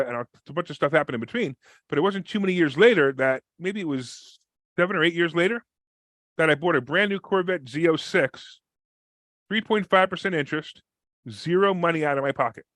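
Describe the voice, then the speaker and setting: A man, a real estate investor guest on a podcast interview, telling a story with lively energy and acting out the people in it. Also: no echo. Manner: fast, energetic, acts out quoted people with big pitch jumps.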